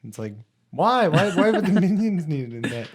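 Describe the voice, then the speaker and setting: A young man on a podcast, telling stories casually in an animated way, and high while he talks. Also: normal speed, slightly rough. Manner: animated storytelling, laughing. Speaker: podcast co-host. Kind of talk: casual chat.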